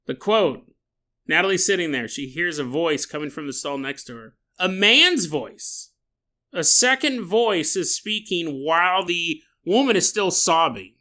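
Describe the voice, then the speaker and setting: A man with a bright, rather high voice, telling a story on his podcast. His pitch swings widely as he jokes and chuckles through the tale. His throat sounds a little sore. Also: a little slow. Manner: animated, jokey, laughs while telling a story. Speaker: podcast host.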